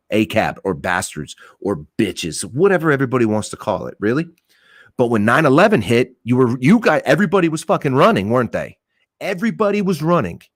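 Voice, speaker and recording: A man's voice: mid-range voice, no echo, studio quality. A man, a police officer, giving his blunt, emphatic opinions on a podcast, swearing and repeating points for stress.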